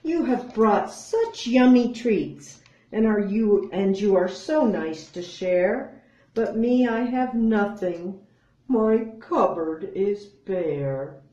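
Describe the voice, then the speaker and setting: A woman's voice: medium pitch, lively intonation, takes it slowly, warm tone, lo-fi sound, voice pushed up. An older woman voicing a sad male bear in a storybook reading, sighing and woeful. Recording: echoey room.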